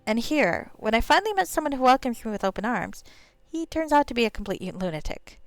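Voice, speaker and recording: A woman's voice: a little high, big pitch swings, no room sound. A woman voicing a polite, weary male drow outcast who speaks formally and dryly. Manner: formal, measured and dry.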